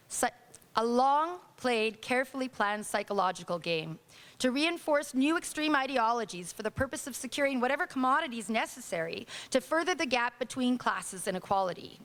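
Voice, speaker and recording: Canadian woman poet, high voice, impassioned spoken-word delivery, live lounge reading. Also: a bit bright. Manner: impassioned, indignant declamation. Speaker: poet reading her own work. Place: small acoustic lounge, live audience.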